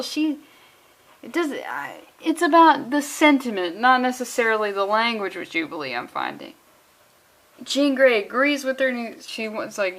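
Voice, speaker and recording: Woman comic, slightly high voice, reads aloud casually and breaks into dry, sarcastic tangents. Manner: sarcastic, deadpan tangents, stumbles over words while reading. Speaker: comedian reading a comic book aloud. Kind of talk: casual comic reading with joking asides.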